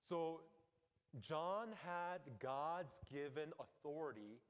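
A man preaching a sermon as pastor, earnest and emphatic, dropping into quiet low asides. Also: animated, slow, clean tone. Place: church sanctuary. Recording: long hall reverb.

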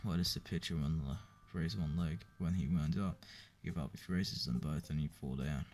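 A man reading a joke book aloud in a flat, weary way, with profane asides. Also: a bass voice, moderate pace. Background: clear background music.

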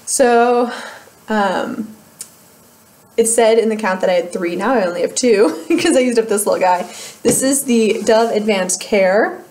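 A woman's voice: fairly high pitch, unhurried, darkish tone. A young woman in a casual beauty vlog, chatting and laughing as she goes through used-up products at home. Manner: chatty, self-mocking, laughs between remarks. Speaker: beauty vlogger.

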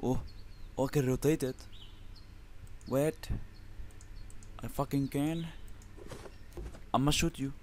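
A man from Lebanon hosting his own channel, giving excitable, profanity-heavy commentary on a survival game and talking trash at the enemies. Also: medium pitch, slow pace, pauses often, slight background noise. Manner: excitable, swears constantly, talks to the enemies. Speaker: gaming channel host.

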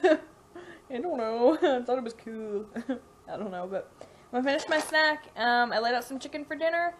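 A woman's voice: fairly high pitch, slight background noise. A woman with a Southern US accent, chatting to camera in a home vlog in a rambling way, full of fillers. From Mississippi, US. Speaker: vlogger. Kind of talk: casual chat to camera. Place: home kitchen, indoors.

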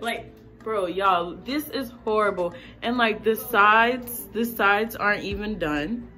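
A woman vlogger in a casual rant, animated and exasperated, talking with lots of slang. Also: mid-range voice, slow, soft background music.

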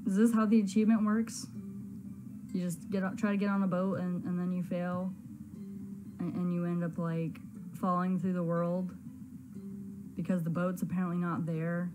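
A woman's voice: on the low side, flat delivery, normal speed, pauses often, over music. A woman hosting a gaming video, giving flustered, exclaiming let's-play commentary with frequent stammers.

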